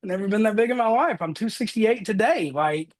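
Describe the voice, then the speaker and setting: A man's voice: sits high, brisk. Earnest man in his thirties, motivational. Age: 30s. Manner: earnest, energetic storytelling. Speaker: motivational speaker. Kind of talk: motivational talk with personal stories.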